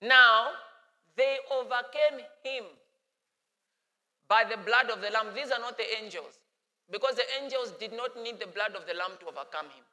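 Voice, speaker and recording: A man preaching a sermon as pastor, animated and playful. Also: very high-pitched, normal speed, long reverb tail.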